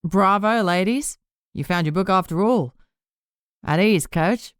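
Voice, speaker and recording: A woman's voice: mid-range voice, measured pace, clean tone, no room sound, clean studio sound, voice pushed up, natural voice. A woman voicing a smug, boastful male warlock leader in an audiobook, talking down to others in a casual, patronizing way. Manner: patronizing, casual and self-satisfied. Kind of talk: audiobook character reading.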